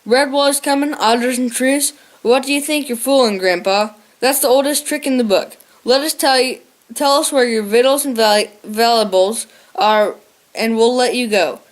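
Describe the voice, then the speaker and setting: A woman's voice: a little high, moderate pace, close to an everyday voice. A woman reading the part of a menacing male stoat bandit who jeers and threatens. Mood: jeering. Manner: jeering, threatening.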